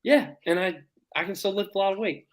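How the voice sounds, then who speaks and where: A man's voice: sits high, brisk. A man co-hosting a podcast, telling stories in a jokey, casual way. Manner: jokey, storytelling. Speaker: podcast co-host. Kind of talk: casual chat.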